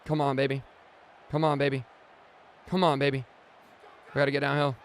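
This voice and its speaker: A young man streaming a video game, calling the plays in hyped commentary that bursts into loud excited shouts between quick recaps. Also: mid-range voice, a little hiss or hum. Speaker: gaming streamer.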